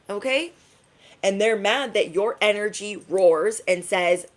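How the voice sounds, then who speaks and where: A woman giving an energetic tarot reading to her viewers, emphatic and sassy, often tagging her lines with "okay?". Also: medium pitch, takes it slowly. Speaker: tarot reader.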